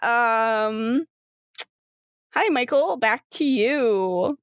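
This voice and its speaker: A woman's voice: on the high side, animated, drawn-out words, smooth, no room sound, studio quality. A young woman narrating a tabletop game as game master, rambling and padding her descriptions with "like" and "um". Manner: rambling, filler-heavy description with frequent "like" and "um".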